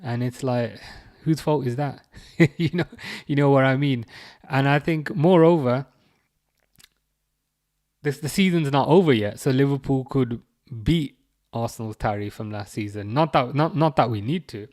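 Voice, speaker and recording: A man's voice: mid-range voice, measured pace, darkish tone. A man from England chatting casually on a live football watchalong stream, reading out viewer messages and teasing them. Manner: chatty, reads chat messages aloud, teasing.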